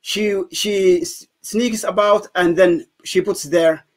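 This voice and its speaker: A man from Somalia telling his conversion testimony in an interview, speaking in halting English with many fillers and restarts. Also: high voice, steady tone. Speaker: guest giving testimony.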